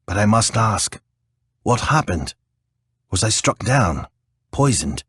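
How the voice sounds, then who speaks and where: A man's voice: on the low side, big pitch swings, takes it slowly, a bit bright, slightly rough, no room sound, voice pushed up, exaggerated voice. A man reading an audiobook, voicing an earnest young male acolyte who asks questions in a slightly raised voice. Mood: puzzled. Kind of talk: audiobook character voice.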